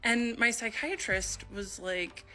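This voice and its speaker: A woman's voice: on the high side, animated, slow, pushed and bright, soft background music. A woman telling a personal story in confessional style, acting out the dialogue she quotes. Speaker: video storyteller.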